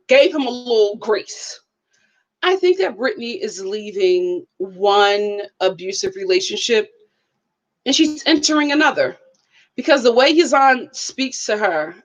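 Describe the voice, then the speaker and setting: Lively high-voiced woman reviewing TV. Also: low-quality recording. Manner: animated, laughs often, acts out quotes. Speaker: reality TV reviewer, channel host. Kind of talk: casual live show review.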